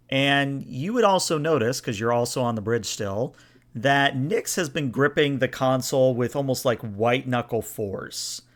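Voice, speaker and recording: A man running a tabletop game on a video call, talking players through rolls and scenes in a relaxed, chatty manner. His voice sits in an ordinary middle range and comes through a typical call mic. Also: mid-range voice. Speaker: game master.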